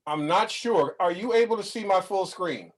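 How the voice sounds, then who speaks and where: A man's voice: sits high, normal speed. Man, guest reverend, effusive, stammers and restarts, video call. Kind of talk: casual chat.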